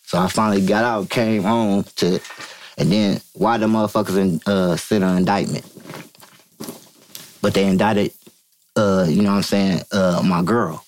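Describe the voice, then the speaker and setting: A man from Vallejo, California, telling a story as an interview guest, profane and animated, acting out quotes in a higher voice. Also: moderate pace, pauses often. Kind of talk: casual storytelling.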